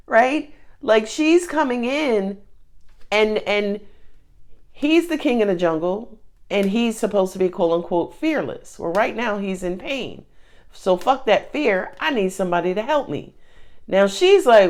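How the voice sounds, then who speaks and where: A woman's voice: medium pitch, animated, a little slow. A woman giving a casual tarot reading, chatty and emphatic, with frequent asides. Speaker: tarot reader.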